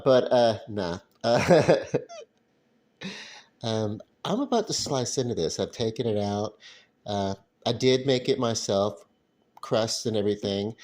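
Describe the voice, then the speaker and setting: A man's voice: fairly low pitch, darkish tone. Rambling man in a home kitchen. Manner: rambling, self-deprecating, chuckling. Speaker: vlogger. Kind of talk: casual cooking vlog.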